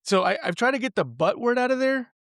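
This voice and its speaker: A man's voice: very high voice, expressive, fast, a bit bright, dry recording, studio quality. A man in his forties, a podcast guest talking earnestly and casually about raising daughters, with lots of "like" and "right?". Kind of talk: casual conversation.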